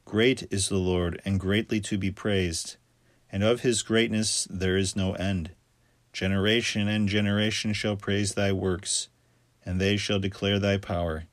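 A man reading scripture aloud in a steady, measured recitation. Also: lowish voice, dry recording. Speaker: scripture reader.

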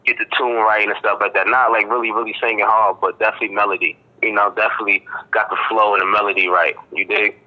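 Brief: low-voiced man from Boston, rapid slangy interview talk, dull lo-fi line. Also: level tone. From Boston, Massachusetts. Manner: laid-back slangy talk with many fillers and "you dig". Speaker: rapper, interview guest. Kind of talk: casual interview chat.

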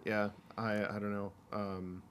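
A man's voice: lowish voice, little pitch movement, slow pace, fairly bright tone, smooth. A man co-hosting a podcast, chatting casually and hesitantly with many fillers. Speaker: podcast co-host. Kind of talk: casual chat.

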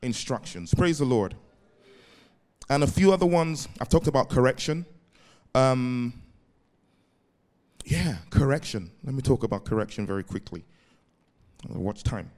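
A man's voice: medium pitch, animated, measured pace, long pauses, darkish tone. A male pastor preaching a sermon, often checking if his listeners follow and breaking in with praise. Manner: keeps asking the congregation if it makes sense; repeated "praise the Lord" interjections.

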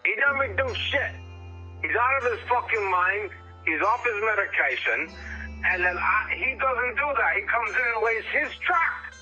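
A man's voice: high-pitched, normal speed, husky, soft background music, heavily acted. A man voicing a hot-tempered, foul-mouthed male rock musician ranting on a phone call. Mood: angry rant. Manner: ranting, profane, snaps back to calm. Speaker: caller. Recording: muffled phone line.

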